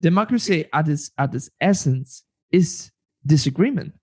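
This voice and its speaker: Lively, animated male podcast host. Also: a little high, normal speed. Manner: animated, enthusiastic, laughs a lot. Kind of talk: casual conversation.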